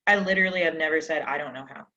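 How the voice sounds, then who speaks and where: A woman's voice: sits low, racing, sharp tone, muffled recording. A woman success coach giving an emphatic motivational coaching session, full of rhetorical questions, over a live stream mic.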